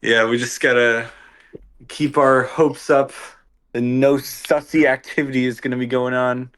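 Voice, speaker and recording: Smooth-voiced laid-back guy. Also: medium pitch, level tone, a little slow, a bit bright. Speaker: podcast co-host. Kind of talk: casual podcast chat.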